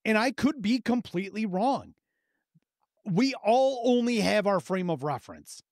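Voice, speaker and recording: A man's voice: sits high, a little slow, no echo, studio quality. A man in his thirties co-hosting a casual podcast, swearing constantly and telling stories full of acted-out quotes. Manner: heavy swearing, animated storytelling with acted quotes. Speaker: podcast co-host. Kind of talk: casual uncensored podcast chat.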